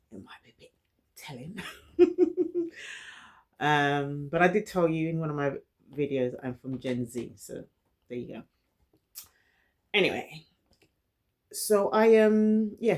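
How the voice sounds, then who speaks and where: A woman's voice: sits low, darkish tone. A middle-aged woman, telling a personal story to camera, who stutters and repeats words and laughs between thoughts. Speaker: vlogger.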